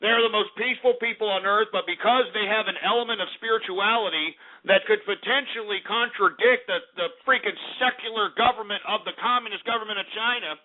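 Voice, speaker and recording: A man with a high voice hosting call-in talk radio. He rants and hurls abuse at his callers. The sound is narrow and phone-like. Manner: abrasive, insulting ranting at callers. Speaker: radio talk show host.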